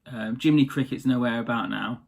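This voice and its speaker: A man's voice: medium pitch, fairly quick, vocal fry, breathy edge. A man casually retelling a fairy tale, chatty and slangy. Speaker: storyteller.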